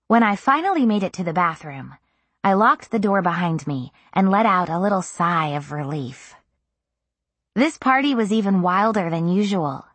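A woman narrating a first-person novel in an intimate, even storytelling manner. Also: fairly low pitch, normal speed, breathy edge, no room sound. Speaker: audiobook narrator.

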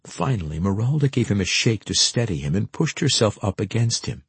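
A male audiobook narrator with a husky, lowish voice reads a storybook at a fairly quick clip. The scripted narration is expressive, and there's no room sound.

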